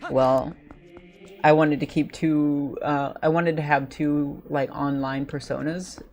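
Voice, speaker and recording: A man streaming a video game, chatting casually and hesitantly with many pauses and fillers. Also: fairly high pitch, little pitch movement, a little mellow. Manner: rambling, hesitant, lots of ums. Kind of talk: casual gameplay commentary. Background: game music.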